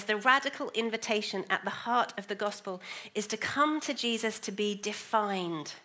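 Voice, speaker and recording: A woman preaching a sermon, moving between hushed, slow asides and lively, emphatic bursts. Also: mid-range voice.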